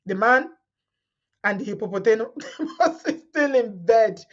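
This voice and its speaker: A woman reads a story out loud and chats over it, laughing often as she goes. Her voice sits fairly high. The sound is dull and lo-fi. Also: expressive, a little slow. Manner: laughs often, breaks into giggling. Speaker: storytelling host reading viewer stories. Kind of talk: casual story reading with commentary.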